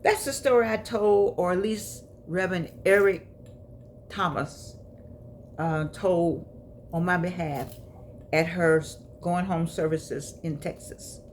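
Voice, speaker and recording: A woman in her eighties telling personal stories from her life in a lively, chatty way, with laughs and asides to her listeners. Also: on the low side, slow pace, a little hiss or hum. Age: 80s. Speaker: memoir vlogger. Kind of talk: personal storytelling.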